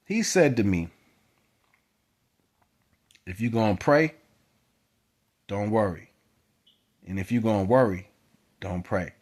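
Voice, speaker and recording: A man giving a spiritual monologue to his viewers, moving from quiet musing to loud, emphatic exhortation. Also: lowish voice, lively intonation, takes it slowly, long pauses. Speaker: spiritual vlogger. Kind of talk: preaching monologue to camera.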